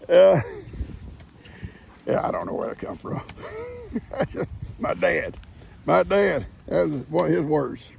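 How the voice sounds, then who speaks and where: Gravelly older farmer chatting. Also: male voice, a little high, sing-song, slow pace, long pauses, a little mellow, a little hiss or hum. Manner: folksy storyteller, chuckles often. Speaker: farm vlogger. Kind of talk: casual rambling chat. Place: outdoors on a farm.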